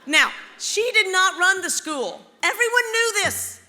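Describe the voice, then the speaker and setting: Lively, playful woman storyteller on stage. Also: extremely high pitch, a little slow. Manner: theatrical, playful, teasing the audience. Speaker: keynote speaker, storyteller. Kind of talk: live storytelling keynote. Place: large auditorium. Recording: long auditorium reverb.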